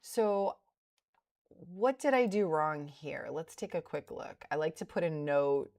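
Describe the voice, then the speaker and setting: Middle-aged woman trader on a live stream, deep and measured, laughs off her losses. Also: animated, darkish tone. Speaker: day trading livestreamer. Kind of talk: casual livestream commentary.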